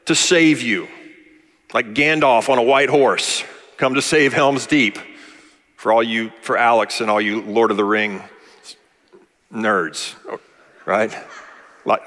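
A man's voice: medium pitch, measured pace, pauses often, a bit bright. Man preaching in a reverberant hall. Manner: conversational, repeats words while thinking aloud. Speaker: pastor. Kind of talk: sermon.

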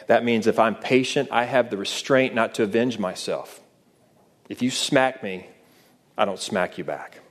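A man with a somewhat low voice preaches a sermon. He talks to the congregation in a conversational way and keeps asking them rhetorical questions. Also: a little slow. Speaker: pastor.

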